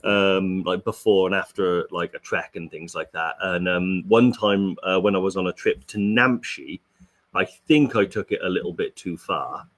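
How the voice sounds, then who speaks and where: A man co-hosting a live chat, telling stories in a relaxed way with many ums and likes. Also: deep voice, normal speed. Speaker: co-host. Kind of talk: casual live-stream chat.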